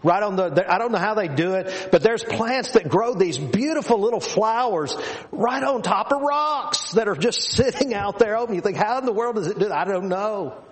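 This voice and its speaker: A man's voice: high voice, lively intonation, normal speed. A man preaching a sermon to his congregation in an earnest, emphatic way, repeating phrases for stress.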